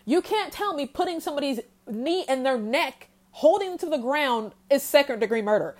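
A woman's voice: high-pitched, lively intonation. A woman hosting a solo podcast, talking heatedly and in exasperation about the news. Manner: heated, exasperated, talks straight without pausing. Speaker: podcast host. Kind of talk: solo commentary rant.

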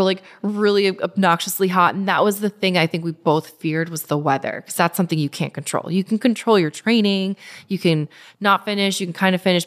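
A young adult woman telling her story as a guest in casual conversation, chatty, with lots of fillers. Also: fairly low pitch. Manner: chatty, many fillers, acts out quoted speech.

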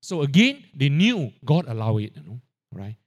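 A man preaching a sermon, peppering his lines with "you know, right?" and dropping quiet on the tag-ons. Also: medium pitch, big pitch swings, normal speed, dull audio. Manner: drops to a quiet aside on filler tags. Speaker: pastor.

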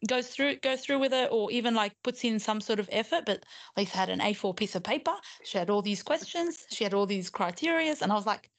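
A woman chatting as a guest on a podcast, recounting events excitedly and quoting herself with loud exclamations. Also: mid-range voice, fairly quick, hardly any pauses. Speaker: intended mother, podcast guest. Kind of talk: casual podcast chat.

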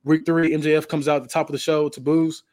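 Casual male narrator, slightly high voice, loose recap delivery. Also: flat delivery, fast talker, a little mellow. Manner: casual, with restarts and fillers. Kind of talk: casual storytelling.

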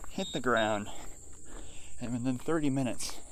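A man chatting casually outdoors in the countryside, joking in short, halting phrases as a runner talking to his viewers. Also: medium pitch, noisy background. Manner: playful, jokey, talks in short halting phrases. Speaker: runner vlogger. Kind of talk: casual chat. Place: outdoors in rural South Central Pennsylvania. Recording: insects chirping loudly behind.

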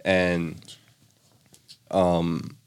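A man's voice: deep voice, level tone, very slow, smooth. A young man casually retelling a story in a loose, rambling way, full of filler words. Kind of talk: casual chat.

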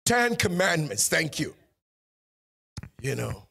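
A man with a fairly high voice preaches a lively sermon. He slips into short acted-out dialogue and then climbs to loud, emphatic urging of his listeners. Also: a little slow. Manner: rises to loud emphatic exhortation. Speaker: pastor.

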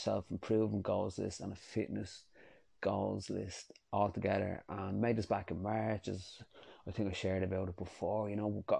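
A man's voice: on the low side, vocal fry, dark tone, breathy edge, no echo. A young Irish man hosting a solo podcast, chatting in a rambling, easygoing way and swearing freely. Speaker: podcast host. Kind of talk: casual solo podcast chat.

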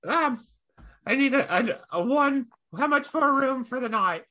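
A timid little goblin fellow stutters in a squeaky, strained voice and sounds a bit off-mic in a tabletop game, put on by a man. The tone is bright and thin, and his words trip over each other. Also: lively intonation, normal speed, full character voice. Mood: nervous. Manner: stammering, hesitant. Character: timid male goblin adventurer, stammering.

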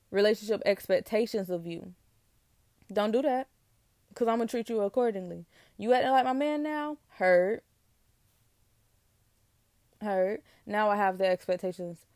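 A young woman rants about relationships in a casual, sassy and emphatic way. Her voice sits at a middling pitch, and she is recorded dry and close. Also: no echo. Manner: sassy, animated, emphatic with laughs. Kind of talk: casual relationship rant to camera.

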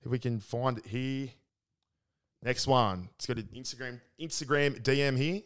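Crude, excitable Australian podcast host. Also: male voice, medium pitch, normal speed, smooth. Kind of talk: casual chat.

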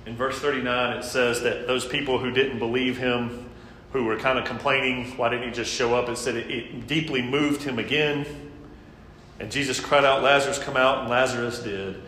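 Guy preaching a sermon in a church, earnest, gets loud then goes quiet, big echoey room. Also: medium pitch, steady tone, normal speed. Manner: earnest, emphatic, dropping to quiet intensity. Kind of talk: sermon with scripture reading. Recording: echoey hall, faint background noise.

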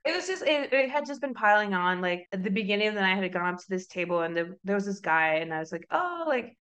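A woman co-hosting a casual podcast, recounting a story in an easy conversational tone. She laughs often and bounces into livelier voices when she quotes people. Her pitch sits right in the middle. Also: lively intonation, quick pace, a bit bright, smooth. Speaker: podcast co-host. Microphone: podcast microphone.

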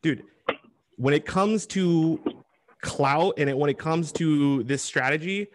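A man hosting a casual interview, talking in an animated, opinionated way. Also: a little high, slow, a little hiss or hum. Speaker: host.

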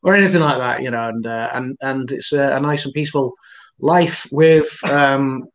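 A man's voice: mid-range voice, normal speed. Regular guy, mid voice, kinda hesitant, stumbles over words. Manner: hesitant, self-correcting. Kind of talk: casual chat.

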